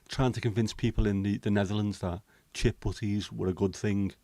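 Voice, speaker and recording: Man, fifties, chatty livestream host, casual swearing, lowish voice. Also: steady tone, fairly quick, mellow, dry recording. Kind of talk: casual chat reading viewer comments.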